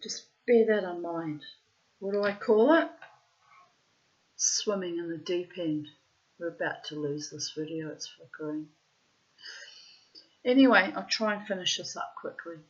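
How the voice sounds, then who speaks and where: A woman's voice: fairly low pitch, a little slow, long pauses. A woman telling a family story in a casual vlog, with dramatic, profane, self-assured storytelling and dull lo-fi audio.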